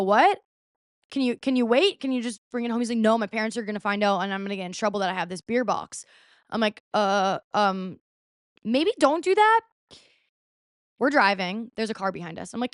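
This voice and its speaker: A woman's voice: medium pitch, dry recording, clean studio sound. A young woman in her twenties hosting a podcast, telling a story casually with lots of "like" and acting out what people said. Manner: chatty, lots of "like", acts out quoted lines. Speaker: podcast host.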